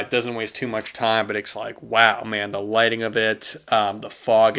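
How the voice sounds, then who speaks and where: A man's voice: lowish voice, a bit bright. A man hosting a casual film review podcast, rambling with many fillers and tangents, often saying "man" and growing incredulous at bizarre scenes. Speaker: podcast host reviewing films.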